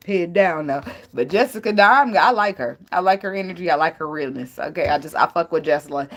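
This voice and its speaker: A woman's voice: on the low side, animated, moderate pace, fairly bright tone. A young woman reading tarot and giving blunt relationship advice in a casual, profane way, laughing often and wandering off on tangents. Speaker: tarot reader. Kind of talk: casual spiritual advice talk.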